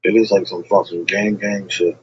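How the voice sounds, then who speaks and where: A man's voice: low voice, level tone, moderate pace, lo-fi sound, slight background noise. A man ranting to his livestream chat in a rambling, combative way, swearing constantly.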